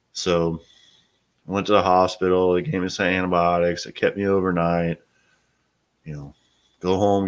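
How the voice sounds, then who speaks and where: A middle-aged man with a very deep voice talks casually to his live audience. He is blunt and plain-spoken, and he swears freely as he chats. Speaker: host. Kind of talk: casual live-stream chat.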